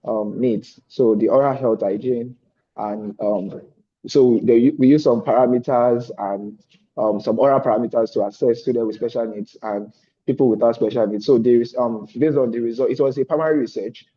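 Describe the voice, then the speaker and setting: A man's voice: medium pitch, steady tone, normal speed, husky. A man giving a hesitant update on an online call, with many fillers. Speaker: fellowship student. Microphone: video call. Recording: dull lo-fi call audio.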